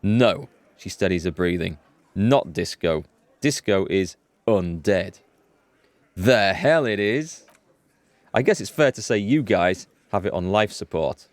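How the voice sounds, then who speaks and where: A man's voice: deep voice, lively intonation, normal speed, dry recording. A man hosting a let's play, chatting casually as he thinks aloud and reads game dialogue, chuckling at the text.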